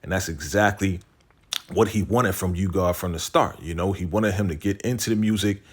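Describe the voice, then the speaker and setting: Slangy man recapping a show, deep. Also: normal speed, breathy edge. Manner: retells scenes, quoting characters in a lowered voice; slangy, repeats "right?" and "you know". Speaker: TV recap host. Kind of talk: casual episode recap.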